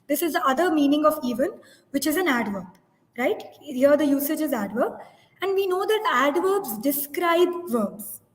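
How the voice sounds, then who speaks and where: A woman's voice: high-pitched, lively intonation, moderate pace. A woman presenting a teachers' webinar, reading out live poll results and explaining answers step by step, often correcting herself mid-sentence. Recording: echoey room with long reverb.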